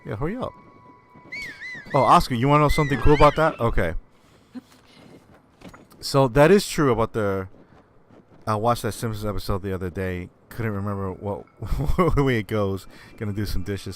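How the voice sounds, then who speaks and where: A man streaming a video game, chatting casually with viewers, who rambles and laughs often as he tells stories. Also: medium pitch.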